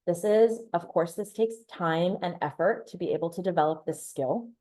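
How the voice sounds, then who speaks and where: A woman's voice: lowish voice, moderate pace, warm tone. Woman telling a candid personal story. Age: 30s. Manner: candid storytelling, restarts and repeats words. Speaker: presenter. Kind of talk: personal presentation to an audience.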